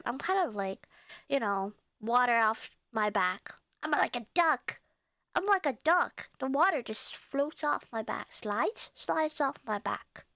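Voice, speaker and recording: A woman's voice: sits high, a bit bright, dry recording, studio quality. A young woman streamer chatting casually with her live chat, giggling often and reading messages aloud.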